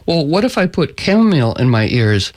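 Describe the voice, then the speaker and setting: A man's voice: fairly high pitch, big pitch swings, a little fast, no room sound. A clever, determined young princess asks polite and pointed questions, voiced by a man narrating a folktale. The voice stays near his ordinary speaking tone.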